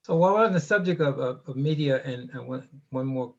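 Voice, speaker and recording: A man's voice: mid-range voice, expressive, a little fast, a little mellow. Male moderator on muffled audio.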